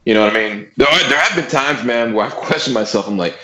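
Man, drummer, casual swearing chat, lively pitch, echoey room. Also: fast talker, few pauses. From Austin, Texas. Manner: laid-back, swears freely, repeats words, acts out his own past lines. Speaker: guest drummer.

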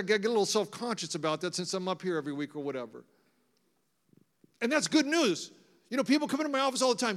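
A middle-aged male pastor giving a sermon, moving between loud proclamation and hushed, intimate passages. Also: sits high, animated, quick pace. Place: church sanctuary. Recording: long hall reverb.

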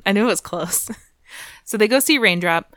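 A woman's voice: mid-range voice, lively intonation, normal speed, fairly bright tone, no echo, clean studio sound. A woman co-hosting a podcast, recapping in casual chat with a lot of laughter, swearing and joking asides. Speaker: podcast co-host.

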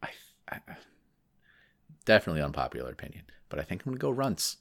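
Very deep-voiced laid-back man. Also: sing-song, fast talker. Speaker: podcast co-host. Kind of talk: casual chat on a live stream.

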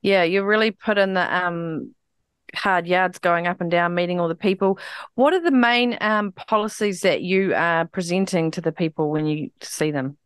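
A woman's voice: fairly low pitch, moderate pace, clear, resonant tone, no echo, studio quality. A woman hosting a political interview, asking questions in a friendly, conversational way. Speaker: interview host.

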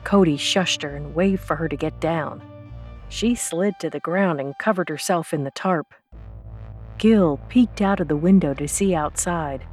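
A woman narrating an audiobook in a calm, steady reading voice. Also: low voice, unhurried, faint music behind.

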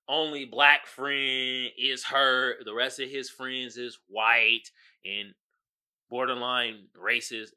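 A young adult man hosting a podcast, casually ranting about a movie in an animated, exasperated, slangy way. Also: on the low side, smooth. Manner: animated, exasperated, slangy with mocking put-on quotes. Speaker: podcast host reviewing a movie. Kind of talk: casual rant.

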